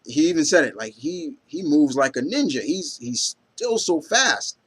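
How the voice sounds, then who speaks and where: A man's voice: a little high, very animated, measured pace, a bit bright, breathy edge. A man talking casually in a comic book review vlog, rambling with lots of fillers, tripping over names and reading out quotes with enthusiasm.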